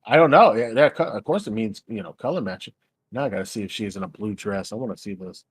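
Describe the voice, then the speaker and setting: A man's voice: fairly low pitch, fast talker, slightly rough, dry recording. A man hosting a stream, rambling in casual, crude chat and laughing easily. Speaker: stream host.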